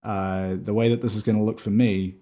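A man's voice: lowish voice, little pitch movement, brisk, dark tone. A man co-hosting a podcast over a video call, chatting casually, swearing freely and laughing often. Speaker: podcast co-host.

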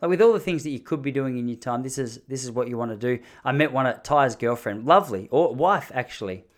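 A vlogger in his thirties tells a story casually and with animation, mimicking the people in it. He talks fast at a medium pitch.

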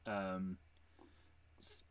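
Lower-voiced man spinning a story pitch. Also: drawn-out words, clear, resonant tone. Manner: animated storyteller, acts out quotes. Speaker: podcast co-host. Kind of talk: casual podcast chat.

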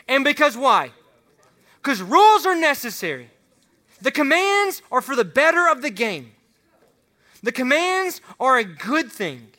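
A man's voice: extremely high pitch, unhurried, some chatter behind. A man giving a casual, joking sermon to students as a youth pastor. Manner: casual, joking, excitable, talks straight to the students. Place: room with a student audience.

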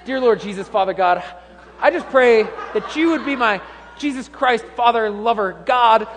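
A man mimicking an over-earnest churchgoer who piles up holy titles in a loud, breathless prayer. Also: very high-pitched, moderate pace, slight background noise, pitched above the performer's own voice. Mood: gushing. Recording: long hall reverb.

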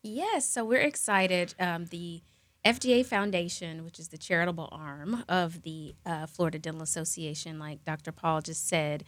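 A woman's voice: on the low side, normal speed, dry recording. A woman, a guest from a charity foundation on a radio interview, explaining things in an upbeat way.

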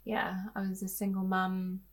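A woman in candid, easygoing conversation, talking about her own life in a mid-range voice. She drops into quieter reflection, then breaks into sudden, louder lines as she acts out her own thoughts. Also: mid-range voice, monotone, moderate pace. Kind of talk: casual heartfelt chat.

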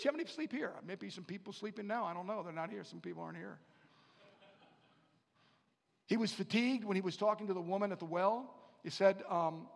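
High-voiced man preaching in a reverberant hall. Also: vocal fry. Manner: swings from hushed to loud preaching; repeats phrases for emphasis. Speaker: pastor. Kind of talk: sermon.

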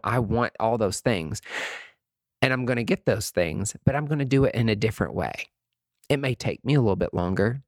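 A man in his late thirties hosting a podcast, talking in an expressive, emotional and chatty way, full of fillers and asides. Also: medium pitch, no room sound, clean studio sound. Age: late 30s. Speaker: podcast host. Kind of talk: reflective solo podcast monologue.

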